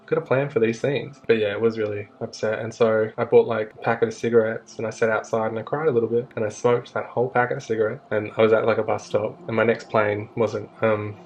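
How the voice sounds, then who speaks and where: A man's voice: lowish voice, flat delivery, fast, hardly any pauses, a little mellow. A man with an Australian accent tells a rambling, self-mocking storytime to his vlog camera in a casual chat. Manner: chatty, rambling and self-mocking, with frequent asides. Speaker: vlogger. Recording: slightly dull audio with faint background hiss.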